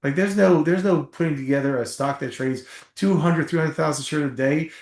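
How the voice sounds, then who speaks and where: Animated middle-aged man telling stories. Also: on the high side, brisk, echoey room. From New Jersey. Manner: animated storyteller, emphatic, swears casually. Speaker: podcast guest, former football player. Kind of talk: storytelling interview.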